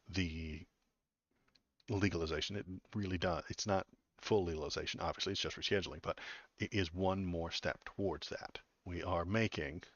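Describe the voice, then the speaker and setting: A man with a very low voice hosts a political livestream, reading headlines aloud and poking at them with sarcastic asides. He rambles and restarts his sentences often. The sound is dull and lo-fi, in a dry, dead room. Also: a bit bright, no room sound. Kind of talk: casual commentary reading news aloud.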